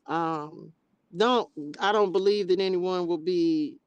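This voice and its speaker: Dull audio with a little hiss or hum carries a woman's low-leaning voice at a slow pace. Hosting a casual livestream into a tablet mic, she's chatty and expressive, calling viewers baby and child and bursting into laughter.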